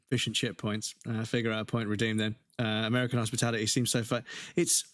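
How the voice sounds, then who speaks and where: A man's voice: fairly low pitch, fairly even intonation, brisk, no room sound, studio quality. A man with an English accent chatting casually on a live game stream, ranting with swearing and laughing asides.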